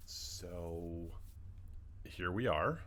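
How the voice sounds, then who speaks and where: A man's voice: deep voice, very slow, a bit bright, a little hiss or hum. A man from Canada hosting a gaming channel, chatting casually and rambling with asides while he builds in a game. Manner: rambling, chatty, lots of fillers and trailing asides. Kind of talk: casual gameplay commentary.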